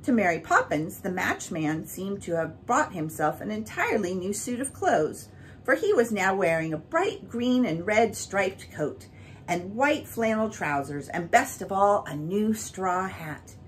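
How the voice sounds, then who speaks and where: A woman reading a children's book aloud, with an expressive, varied delivery. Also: mid-range voice, a little slow, a little hiss or hum, low-quality recording. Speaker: storyteller.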